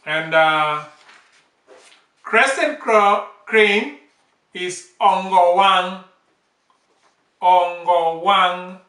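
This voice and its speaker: A man teaching bird names, saying each word slowly and repeating it several times. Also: high-pitched, bright, forceful tone. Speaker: language teacher. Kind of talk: slow vocabulary lesson, repeating each word. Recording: echoey room, off-mic.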